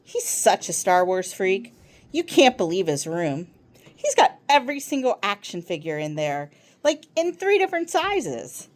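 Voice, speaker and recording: In a storybook reading, a woman voices an excitable schoolboy who rushes eagerly and ramblingly through his tale, his voice swinging up and down. She's medium-pitched and unhurried.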